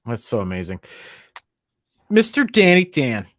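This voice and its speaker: An excitable man hosts a loose chat in a lively, bouncing voice. He swears and laughs often, and his sound is close and dry. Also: medium pitch, unhurried, no room sound. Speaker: podcast host. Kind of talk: casual chat.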